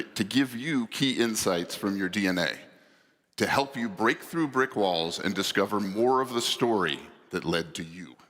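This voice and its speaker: Middle-aged man, executive, low voice, formal measured delivery, hall reverb. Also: fairly bright tone. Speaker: company executive speaker. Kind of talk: prepared stage presentation. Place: large convention hall stage.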